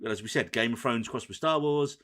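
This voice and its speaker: Bright-voiced male podcast host. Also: mid-range voice. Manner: brisk, runs the show, teasing. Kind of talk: casual podcast chat.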